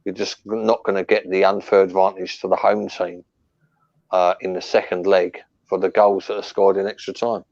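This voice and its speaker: A man's voice: deep voice, level tone, moderate pace, vocal fry, darkish tone. A man co-hosting a casual football podcast, blunt and opinionated, with sweary banter. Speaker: podcast co-host. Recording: dull muffled lo-fi audio.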